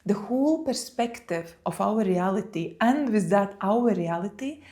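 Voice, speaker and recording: Calm, mellow-voiced woman telling a story. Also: medium pitch. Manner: calm, unhurried, speaks with many "like" fillers. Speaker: yoga and meditation teacher. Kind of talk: reflective personal storytelling.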